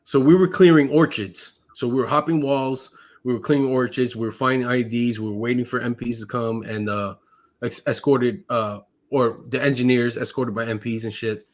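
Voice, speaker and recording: An army medic veteran, appearing as a podcast guest, tells a long personal story in casual conversation. He speaks at normal speed in a steady, mid-range voice, swearing often and filling gaps with "uh" and "like."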